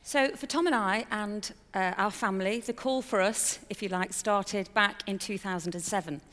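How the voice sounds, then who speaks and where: A woman's voice: mid-range voice, fairly bright tone, big-room sound. A middle-aged woman giving a personal testimony in a candid, chatty storytelling way with fillers and a touch of self-mockery. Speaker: speaker sharing a personal testimony.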